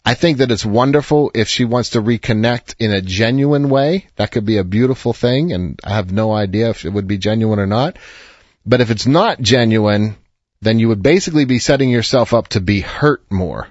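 A man's voice: on the low side, moderate pace, no echo, lo-fi sound. Earnest man giving advice. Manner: earnest, reassuring, with storytelling. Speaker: advice show host. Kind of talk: counseling advice to a caller.

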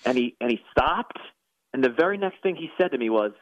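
A man's voice: medium pitch, expressive, a little fast, no room sound. Guest man, pastor, earnest preacherly testimony, tinny phone-line audio. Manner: earnest, preacherly, repeats words when moved. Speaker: guest, former professional soccer player and pastor. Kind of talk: emotional personal testimony.

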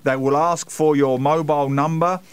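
A man from the UK co-hosting a radio show, telling stories with animated asides. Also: a little high, normal speed, clean tone, dry recording. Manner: animated storytelling, reads emails aloud in put-on voices. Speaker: radio host. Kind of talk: casual radio chat.

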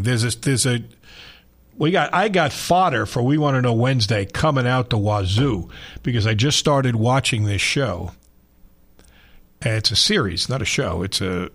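A man from Long Island, hosting a sports radio show and rambling through stories in a chatty, animated way. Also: medium pitch. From Long Island, New York. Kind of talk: casual sports radio chat.

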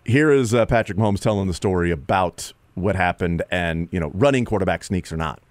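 A man with a fairly low voice hosts sports talk radio, rambling through his points in a loose, animated way. The sound is dry and close, with no room around it. Now and then he jumps up in pitch to mimic a player. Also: fairly quick, no room sound.

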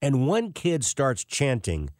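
A man's voice: medium pitch, wildly swooping pitch, slow, darkish tone, no room sound, clean studio sound. A man in his sixties telling self-deprecating anecdotes in a casual monologue as a financial commentator. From United States.

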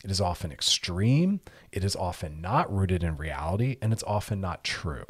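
A man with a low, slightly husky voice hosts an advice podcast. He talks earnestly and directly, pressing his points with strings of short commands. His delivery feels like a steady coaching monologue. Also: moderate pace. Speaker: advice show host.

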